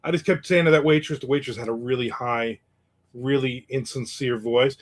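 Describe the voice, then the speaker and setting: A middle-aged man chats loosely on his livestream, drifting from story to story and stopping to read out viewers' comments. His voice sits at an ordinary middle pitch for a man. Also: steady tone, normal speed. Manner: rambling, reads viewer comments aloud. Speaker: livestream host. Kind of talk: casual livestream chat.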